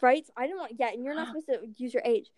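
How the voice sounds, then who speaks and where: A teenage girl chatting casually, telling animated stories and acting out what people said. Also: high voice, very fast, dry recording, clean studio sound. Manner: animated storytelling, acting out quotes. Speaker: storyteller. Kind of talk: casual chat.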